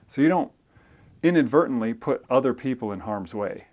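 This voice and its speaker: A man's voice: medium pitch, normal speed. A man telling a story in a casual, conversational way, animating the dialogue and poking fun at himself. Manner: animated, acts out dialogue with shifts in voice; self-deprecating, conversational with fillers. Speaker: storyteller and loan officer.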